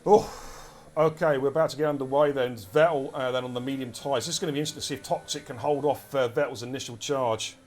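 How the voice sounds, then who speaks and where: Man, English accent, live race commentary, energetic and chatty, faint noise behind. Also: mid-range voice, fast talker. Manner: energetic, chatty, addresses chat directly.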